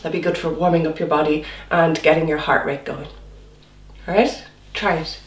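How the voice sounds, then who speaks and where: A woman teaching a children's drama class online, encouraging them through voice and movement warm-ups. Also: low voice, steady tone, moderate pace, roomy sound, distant mic, slight background noise. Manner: encouraging, demonstrating vocal exercises.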